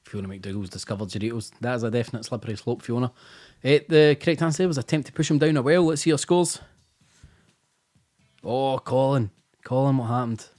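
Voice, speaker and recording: A man's voice: medium pitch, brisk, darkish tone. A Scottish man hosting a casual live-stream quiz, chatty and teasing, tired after a busy day, over faint music. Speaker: quiz host.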